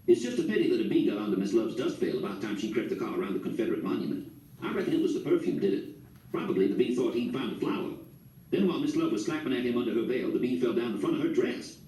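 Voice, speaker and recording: A man narrates a story in the first person with a folksy storytelling manner. His voice is mellow and lively in pitch. It sounds set back from the mic in a roomy space. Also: fast, recorded from a distance, slight background noise. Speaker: audiobook narrator.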